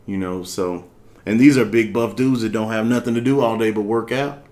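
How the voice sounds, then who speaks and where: A man's voice: on the low side, steady tone, normal speed, a little mellow. A man working as a corrections officer, chatting casually in a laid-back, profane, jokey way with lots of slang. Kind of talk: casual chat.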